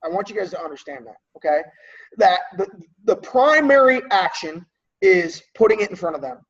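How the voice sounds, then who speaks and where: Man, team coach: husky, higher-pitched, conversational, dull lo-fi audio a bit off-mic. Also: very animated, normal speed, recorded from a distance. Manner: conversational, checks in often with "right?" and "okay?"; clears throat often. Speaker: team coach leading a training call. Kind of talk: casual coaching talk.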